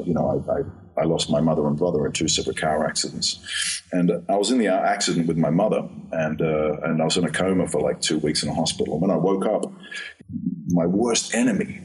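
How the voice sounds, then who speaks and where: A low-voiced male actor, appearing as an interview guest, tells a rambling anecdote, repeating words, restarting, and laughing at his own story. He sounds distant from the mic.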